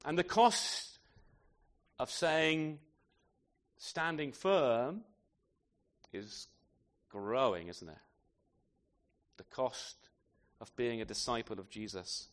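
A man's voice: medium pitch, slow pace, long pauses. A man preaching a sermon in a conversational way, often tagging his points with questions to the listeners. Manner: conversational, rhetorical tag questions.

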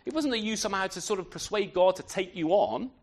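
A man's voice: high-pitched, lively intonation, quick pace. A man preaching a sermon in an unscripted way, often restarting phrases and asking rhetorical questions.

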